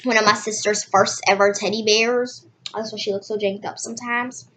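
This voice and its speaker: A woman hosting a casual read-aloud, reading haltingly with restarts and dropping into soft asides. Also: mid-range voice, steady tone, a little hiss or hum. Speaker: host reading a book aloud.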